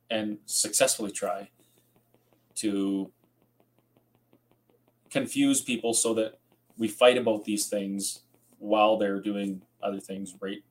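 A man's voice: on the low side, poor audio. Tired man on a late livestream. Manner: rambling, conversational, reads out viewer comments. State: tired, yawning. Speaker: host. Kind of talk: casual late-night livestream talk.

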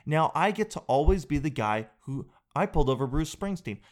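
A man playing a weary male traffic cop who mutters his thoughts in a low, deadpan way. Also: normal speed, close to an everyday voice. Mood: starstruck.

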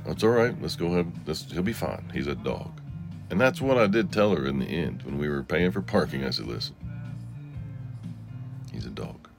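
A man with a very deep, gravelly voice rambles through a confessional solo podcast. His pitch swings widely between low murmurs and sharp sarcastic retorts. Faint music plays behind him. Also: very animated, normal speed, pauses often. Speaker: podcast host.

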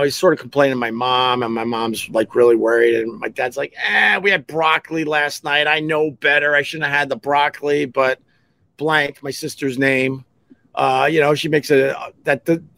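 Storytelling radio host. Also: male voice, on the high side. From Long Island, New York. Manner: rambling, animated, acts out voices in quotes. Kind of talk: casual storytelling podcast.

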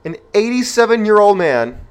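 A man's voice: high-pitched, sing-song, normal speed, smooth. A young man hosting an opinion commentary show, reading news aloud and reacting with rhetorical, indignant outrage.

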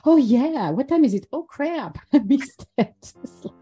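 A woman's voice: high-pitched, animated, a little slow, mellow, slightly rough, faint music behind. A woman in her forties co-hosting a casual podcast, talking candidly and poking fun at herself, with frequent laughs. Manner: candid, self-mocking, laughs often. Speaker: podcast co-host.

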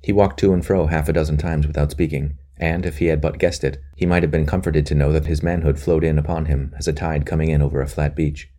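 A man narrating a historical novel, measured and earnest. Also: extremely low pitch, level tone, mellow. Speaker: audiobook narrator. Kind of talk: scripted narration.

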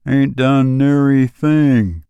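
A man voicing a lonely backwoods boy who speaks in slow, flat, matter-of-fact rural talk. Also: medium pitch, clear, resonant tone, no echo, dull audio. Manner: slow drawling rural speech, flat and unbothered.

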